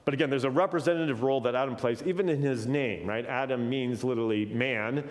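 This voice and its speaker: A man preaching from Scripture in a relaxed, conversational way. He keeps checking in with his listeners and moves between quick stretches and slow, stressed points. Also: mid-range voice. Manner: casual, often adds "right?" as a check-in; animated, shifting pace. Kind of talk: conversational Bible teaching.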